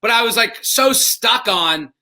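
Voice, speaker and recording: A man's voice: very high-pitched, expressive, unhurried, creaky, pushed and bright, low-quality recording. A male stand-up comedian in casual chat, rambling and self-aware, with many fillers.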